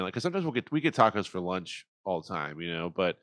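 A man's voice: deep voice, big pitch swings, fast, fairly bright tone, no echo, studio quality. A man in casual conversation who rambles, swears freely and acts out quoted voices. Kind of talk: casual chat.

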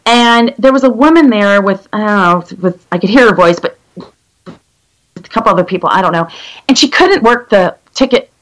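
A middle-aged woman, a guest in a conversation, telling stories in an animated, rambling way with many restarts. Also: medium pitch, normal speed, rough recording. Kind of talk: conversational storytelling.

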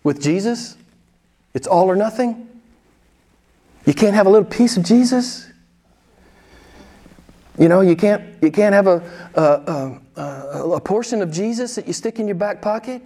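A man's voice: high voice, lively intonation, a little slow, pauses often, mellow. A pastor in his sixties preaching a candid, conversational sermon and putting pointed questions to his congregation in a church. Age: 60s. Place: church sanctuary.

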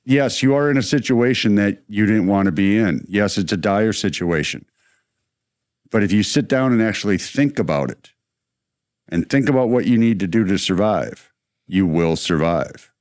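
Low-voiced man telling a rambling story. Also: lively intonation, moderate pace, a little mellow, no room sound, studio quality. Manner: rambling storyteller, acts out movie lines. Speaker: co-host. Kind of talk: casual chat.

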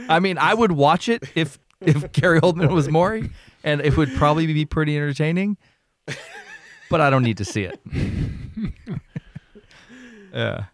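A man's voice: on the high side, expressive, a little slow, long pauses. A man hosting a podcast, chatting casually about a film, swearing freely and laughing along. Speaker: podcast host.

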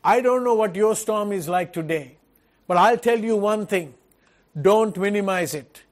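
A man's voice: high-pitched, unhurried. A man preaching a sermon as pastor, earnest, asking rhetorical questions and repeating key phrases.

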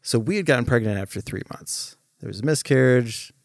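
A young man chats in a relaxed, joking way and laughs at his own stories. His voice sits at a middling pitch. The recording is dry and close. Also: brisk, no room sound. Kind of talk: casual conversation.

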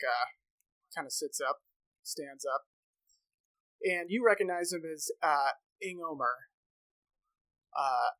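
Slow-talking man running a tabletop game. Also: a little high, no room sound, rough recording. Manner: relaxed, hesitant, many fillers. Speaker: game master.

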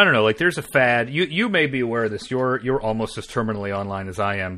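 Male podcast host, crisp bright tone, crude rambling jokes, casual chat. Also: mid-range voice. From Indiana. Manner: crude joking, loose and rambling.

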